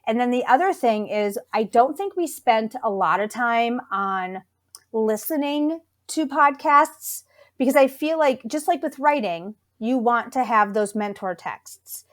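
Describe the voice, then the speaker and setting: A woman's voice: a little high, expressive, a little slow. Enthusiastic woman librarian telling stories. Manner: thoughtful, enthusiastic storytelling. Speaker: school librarian, podcast guest. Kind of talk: conversational interview.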